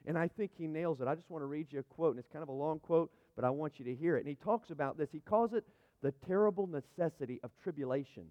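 Male pastor, fairly high voice, emphatic sermon delivery, dull sound, long hall reverb. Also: fast talker. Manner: emphatic, builds to loud peaks.

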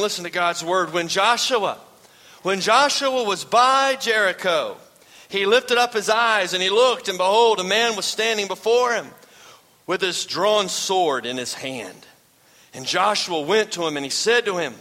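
A male pastor with a high, bright voice, telling stories and calling out to his congregation. He preaches in a folksy way. The sound rings through a reverberant church hall. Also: normal speed. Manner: folksy storyteller, calls out to the congregation. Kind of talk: sermon.

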